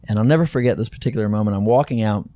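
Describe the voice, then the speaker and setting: A man's voice: lowish voice, racing, warm tone. A middle-aged man from Texas, a company co-founder, telling stories in a casual interview with many fillers and restarts.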